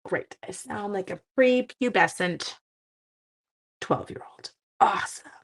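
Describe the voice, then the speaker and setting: A middle-aged woman hosts a live stream as she crafts, her voice slightly hoarse and cracking at moments. She chats with her viewers casually, with plenty of self-mocking humor. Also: mid-range voice, slow pace. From Canada. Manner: chatty, self-mocking, talks to viewers while working. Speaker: papercraft live-stream host.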